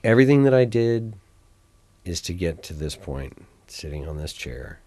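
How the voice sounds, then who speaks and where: A man co-hosting a podcast, telling stories in an animated, laughing way. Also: low-pitched, normal speed, no room sound. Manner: animated storyteller, laughs often. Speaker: podcast co-host. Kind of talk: casual chat.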